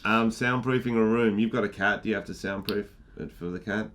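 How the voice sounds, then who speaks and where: A young man hosting a podcast, talking casually and often dropping quiet and laughing. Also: lowish voice, a little fast, noisy background. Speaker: podcast host. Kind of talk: casual chat.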